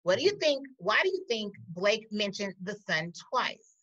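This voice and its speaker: Bright, lively woman teaching a poetry lesson. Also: mid-range voice. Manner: slow, deliberate, with pauses. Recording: dull lo-fi audio.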